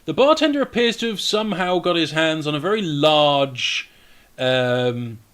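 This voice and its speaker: Male game master, slightly raised pitch, relaxed and hesitant narration. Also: unhurried.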